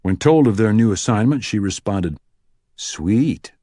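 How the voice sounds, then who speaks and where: Husky, lively male audiobook narrator. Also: fairly low pitch, brisk, no room sound, clean studio sound. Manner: expressive storytelling. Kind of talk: scripted narration.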